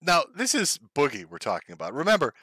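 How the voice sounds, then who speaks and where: A man's voice: on the high side, huge pitch swings, fast, bright, forceful tone, breathy edge, dry recording. A man hosting a stream, giving mocking commentary over clips and laughing often. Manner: laughs often, sneering and gleeful. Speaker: streamer host.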